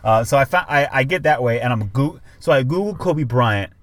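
A man's voice: mid-range voice, animated, moderate pace, no room sound. A young man and father co-hosting a podcast, telling a story in casual chat and swearing often. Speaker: podcast co-host.

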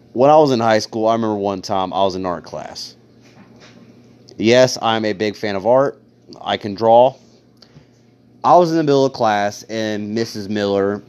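On a dull lo-fi recording, a young podcast host from Ohio tells stories in a casual monologue, crude and sarcastic with heavy profanity. He speaks with a fairly low pitch and a darkish yet clean tone.

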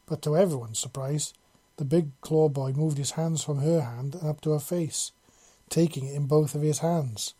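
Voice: mid-range voice, fairly even intonation, normal speed, warm tone, slightly rough. A narrator reading a fan fiction story aloud in a casual way, correcting slips as they go. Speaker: audiobook narrator.

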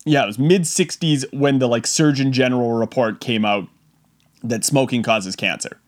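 A man's voice: mid-range voice, normal speed. A man giving a casual comedic monologue, rambling and laughing often with mock-outraged asides.

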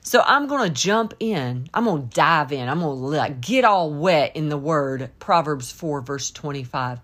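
Lower-voiced woman hosting a faith podcast. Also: lively intonation, a little slow, a bit bright. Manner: playful, switches between put-on accents; earnest, prayerful. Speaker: podcast host. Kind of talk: faith podcast monologue with spoken prayer.

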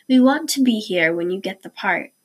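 A woman's voice: mid-range voice, expressive, moderate pace, slightly rough. A woman reading the part of an eager young boy.

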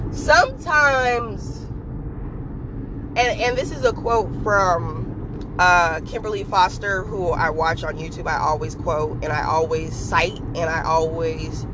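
A woman's voice: lowish voice, slow, pauses often, background noise. A young woman ranting casually and bluntly to her viewers, swearing freely and filling her talk with "like". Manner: profane, blunt, heated, lots of "like" fillers. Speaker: vlogger.

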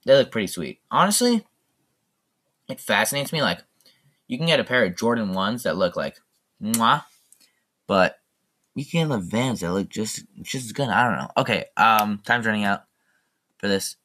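A man's voice: on the low side, animated, normal speed, long pauses, sharp tone. A teenage boy hosting his own podcast, rambling through jokey, chatty asides in a casual solo monologue. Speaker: podcast host.

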